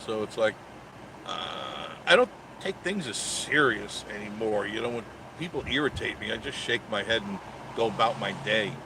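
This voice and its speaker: A man's voice: lowish voice, expressive, normal speed, background noise. Joking man in his sixties hosting live. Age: 60s. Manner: joking, sarcastic, chatty. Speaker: live stream host. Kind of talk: casual live chat reading viewer comments.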